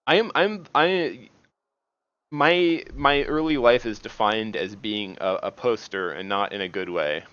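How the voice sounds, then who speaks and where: A man giving casual, rambling commentary while playing a game, halting and restarting often and swearing at the game now and then. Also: on the low side, a bit bright, clear, resonant tone, dry recording, dull audio. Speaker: gaming video host.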